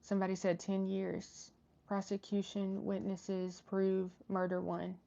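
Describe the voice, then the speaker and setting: A woman's voice: medium pitch, monotone, measured pace, gravelly, dark tone, lo-fi sound. A woman hosting a live stream, chatting casually with viewers and reading their messages, with many fillers and restarts. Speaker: livestream host reading chat.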